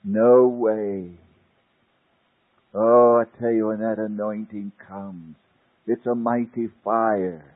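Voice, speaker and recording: A man preaching a sermon, swinging dramatically from loud declarations to hushed near-whispers, with a husky voice. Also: lowish voice, fairly even intonation, slow. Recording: tinny phone-like old sermon tape.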